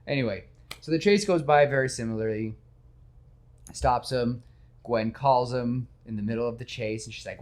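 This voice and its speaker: A man hosting a casual podcast, talking in an animated, self-deprecating way and slipping into quick character voices. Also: mid-range voice. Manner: self-deprecating, admits nervousness. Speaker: podcast host. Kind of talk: casual podcast chat retelling a film.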